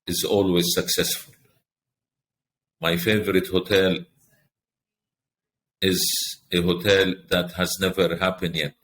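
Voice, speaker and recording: Earnest middle-aged man, lowish voice. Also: a bit bright, a little hiss or hum. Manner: earnest, repetitive, speechlike phrasing. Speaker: hotel group president, guest. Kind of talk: podcast interview.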